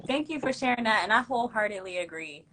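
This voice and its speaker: A woman's voice: fairly high pitch, expressive, quick pace, slight background noise, poor audio. Slangy young woman hosting a livestream. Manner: warm effusive shout-outs, slangy and emphatic. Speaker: livestream host. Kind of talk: casual livestream chat.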